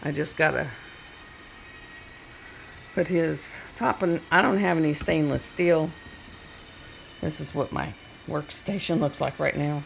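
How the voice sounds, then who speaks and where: A woman's voice: low-pitched, measured pace, gravelly, long pauses, slight background noise. A woman, a crafting vlogger chatting casually and retelling a story with quoted voices at her home workstation.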